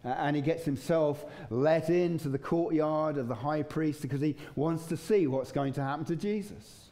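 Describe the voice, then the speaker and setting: A man's voice: a little high, moderate pace, dark tone. A man preaching a sermon in a casual, conversational way, chuckling now and then. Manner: conversational, chuckling, acts out voices in stories. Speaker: pastor. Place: church.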